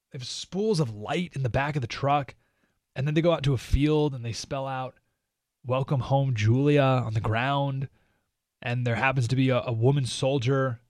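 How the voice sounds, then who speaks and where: A man hosting a talk radio show, delivering an opinionated monologue in an animated, sarcastic way with mocking asides. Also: medium pitch, no echo, clean studio sound.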